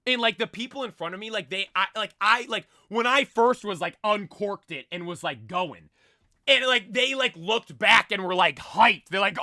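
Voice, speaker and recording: A young man tells an excited, rambling story, tripping over fillers and restarts as the words pour out. His voice sits high and comes out very bright and forceful, a little strained from screaming, and the sound is close and dry with no room around it. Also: normal speed, no room sound. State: voice nearly lost from screaming. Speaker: streamer telling a story.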